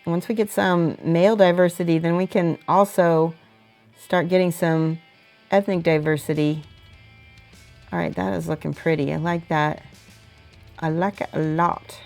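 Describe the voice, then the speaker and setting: A woman livestreaming as she paints miniatures, reading viewer messages aloud and thinking out loud between brushstrokes. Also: fairly low pitch, steady tone, a little slow, gravelly, pauses often, faint music behind. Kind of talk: casual livestream chat while painting.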